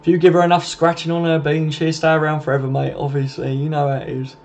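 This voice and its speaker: A man's voice: a little high, completely flat delivery, quick pace, creaky, a little mellow, dull audio. Laddish man chatting with his live chat. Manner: laddish, swearing, laughing banter. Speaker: live stream host. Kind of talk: casual live-stream chat reading comments.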